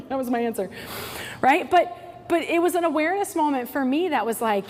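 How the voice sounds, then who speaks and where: A woman in her forties giving a workshop talk to church staff, telling stories in an animated way and often adding "right?". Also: high voice, normal speed. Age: 40s. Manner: animated storytelling, tag questions like "right?". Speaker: workshop speaker. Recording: hall reverb, faint noise.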